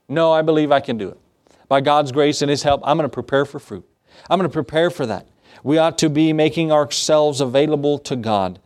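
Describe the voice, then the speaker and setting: A man's voice: on the high side, lively intonation, normal speed, a little mellow. A man preaching a sermon as pastor, quoting scripture, repeating key phrases and asking the congregation rhetorical questions. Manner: conversational asides and rhetorical questions.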